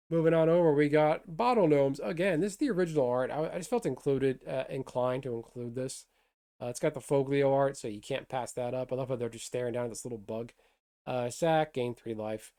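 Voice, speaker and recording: With a dark-toned, mid-range voice, this card game video host gives a casual trading card review. He's enthusiastic and rambling, and keeps stopping and restarting between fillers.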